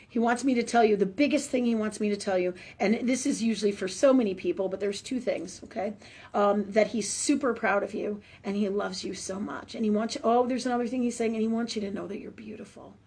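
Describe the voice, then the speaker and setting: A woman hosts a live spiritual forum as a medium, talking and praying in a chatty way peppered with "right?" tag questions. Her husky, slightly mellow mid-range voice is fairly even in intonation and a little fast.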